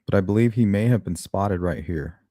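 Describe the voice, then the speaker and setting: Low, mellow man hosting a livestream. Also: moderate pace, no room sound, clean studio sound. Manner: musing, speculative, greets chat viewers. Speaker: host of a true-crime livestream. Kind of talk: casual live commentary.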